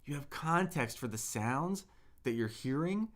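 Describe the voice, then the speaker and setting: A man teaching a livestreamed Mandarin lesson, slowly modeling words for viewers to repeat and chatting with the chat between them. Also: mid-range voice, lively intonation, a bit bright. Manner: slow, drawn-out modeling of words for repetition; chatty, reads viewer comments aloud.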